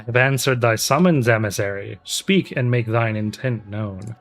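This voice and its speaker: A man's voice: mid-range voice, normal speed, close to an everyday voice. A man reading the lines of solemn, ancient male fantasy villains aloud from a game on a stream, in a mock-grand tone. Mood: grave.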